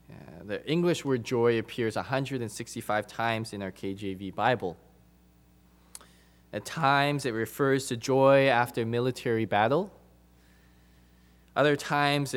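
This man's smooth, medium-pitched voice carries an emphatic sermon to his congregation, where he repeats phrases for emphasis and varies between loud and soft delivery.

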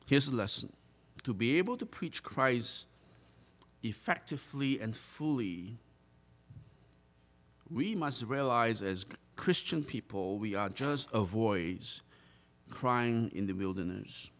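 An earnest male pastor delivering a sermon. His pitch sits in the middle range, and he draws out the words he wants to land. He sometimes stumbles and restarts a phrase as he presses his point. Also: animated, fairly bright tone. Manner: earnest, drawn-out emphasis on key phrases; repeats and restarts words while preaching.

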